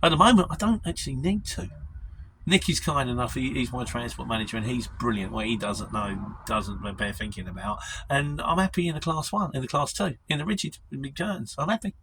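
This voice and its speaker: A man's voice: mid-range voice, brisk, a bit bright, a little hiss or hum. A middle-aged man with a London Mockney accent, chatting casually and self-deprecatingly as he answers viewer questions on his vlog. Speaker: lorry driver vlogger.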